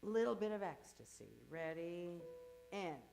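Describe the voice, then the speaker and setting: Choir director woman, lively counting voice. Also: lowish voice, creaky, faint music behind, rough recording. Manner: counts beats and sings cues to demonstrate; encouraging, brisk coaching. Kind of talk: choir rehearsal instruction.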